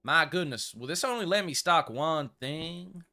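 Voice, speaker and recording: An expressive, unhurried man with a slightly high, sharp-toned voice streams a shop game with casual commentary. He role-plays a polite old-west shopkeeper in a fake regal accent, addressing customers as sir and ma'am.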